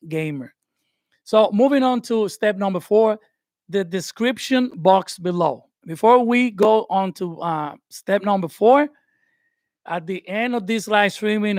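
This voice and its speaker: A man with a young family giving casual, animated YouTube advice during a live stream from his home studio. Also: sits high, no room sound. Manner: animated, conversational, laughs often. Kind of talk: live-stream tutorial talk.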